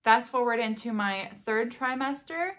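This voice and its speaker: A young woman vlogging in a casual, chatty way, animated and often laughing as she acts out quotes. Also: on the high side, normal speed. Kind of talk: casual chat to camera.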